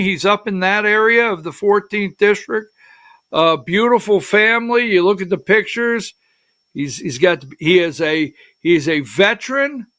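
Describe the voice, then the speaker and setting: A middle-aged man hosts a political livestream show with an unhurried delivery and a fairly high, bright voice. He rambles between stories, gets emotional, and calls out slide numbers to his producer. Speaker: political talk show host.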